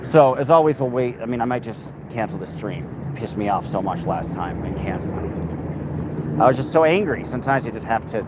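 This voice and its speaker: Over heavy traffic picked up by his phone mic, a man streams live while walking outdoors in the city, talking loosely to his chat. He gets worked up and swears in frustration, then settles into reading comments. His mid-range voice is fairly quick with lively intonation.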